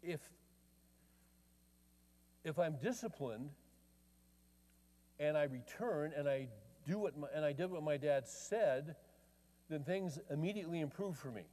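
A man's voice: on the high side, lively intonation, unhurried, pauses often, warm tone. An older man preaching a sermon in a folksy, conversational way, telling family stories and often restarting his phrases. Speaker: pastor. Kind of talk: storytelling sermon. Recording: long reverb of a large hall.

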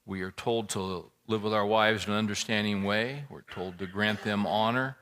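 A man's voice: fairly low pitch, fairly even intonation, normal speed, fairly bright tone. A man preaching a sermon, praying and telling a folksy joke in an earnest way. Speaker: pastor.

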